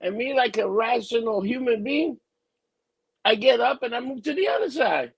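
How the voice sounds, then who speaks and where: A man's voice: very high voice, animated, moderate pace, creaky, slightly rough, poor audio. A man co-hosting a podcast, venting bluntly and with lots of swearing in casual chat. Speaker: podcast co-host.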